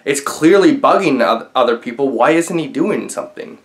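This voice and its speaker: A man's voice: medium pitch, animated, normal speed, natural voice. A man voicing an irritated man on a bus who scolds a stranger with indignant questions. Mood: annoyed.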